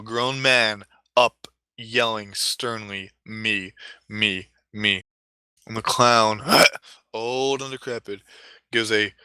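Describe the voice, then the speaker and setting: A man telling a comic story in a deliberate way, with dramatic pauses and asides. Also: medium pitch, sharp tone, clean tone, no room sound.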